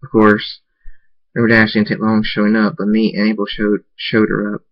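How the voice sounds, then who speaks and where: Man, low voice, monotone, stumbling story reading, repeats words, dry dull lo-fi recording. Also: moderate pace, dry recording. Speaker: fan fiction author reading his story. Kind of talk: first-person story reading.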